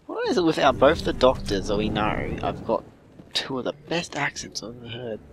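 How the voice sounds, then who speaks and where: A man's voice: medium pitch, animated, normal speed, noisy background. A man giving casual, joking commentary while playing a game, rambling and unsure. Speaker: gamer.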